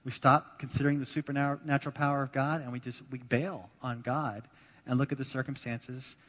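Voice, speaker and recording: A man preaching a sermon as pastor, animated, acting out the voices of the people he quotes and repeating words as he builds his points. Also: medium pitch, fairly quick. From United States. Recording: long hall reverb.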